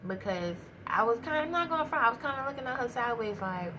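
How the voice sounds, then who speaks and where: A woman casually telling a personal story to her viewers, animated and slangy, with swearing and frequent laughs. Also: on the high side, fast talker, noisy background. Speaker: vlogger.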